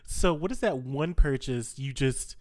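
A woman's voice: a bass voice, a little slow, a little mellow, no room sound, studio quality. A woman on a tabletop role-play podcast, asking rambling, filler-heavy questions. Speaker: player. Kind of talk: casual podcast chat.

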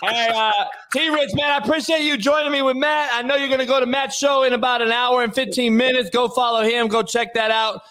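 A man hosting a sports talk show, loud and slangy in casual banter. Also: very high voice, steady tone, a little fast, hardly any pauses.

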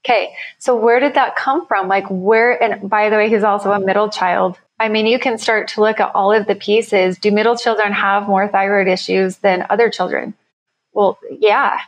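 A woman with a mid-range voice and a gravelly, fry-tinged edge talks through her work as a company founder in a conversational interview. She explains eagerly and leans on quick everyday examples. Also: mid-range voice, steady tone, poor audio.

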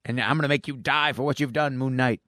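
A man's voice: mid-range voice, steady tone, fast talker, bright, forceful tone, no room sound, clean studio sound, pitched above the performer's own voice, lightly acted. Give me a threatening female drug boss with a raised voice, as a man puts her on. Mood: taunting. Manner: taunting, threatening.

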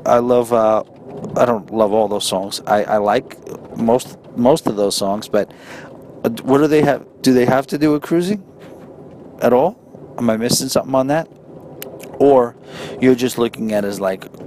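A man with a New York accent hosting a casual solo podcast, chatting in a rambling way with many restarts and reading out listener emails. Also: darkish tone. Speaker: podcast host. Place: on a moving train. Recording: faint train noise behind. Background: faint train rumble.

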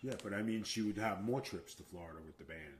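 A man's voice: fairly low pitch, fast talker. A man co-hosting a casual chat show, joking around and defending himself in banter. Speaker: co-host.

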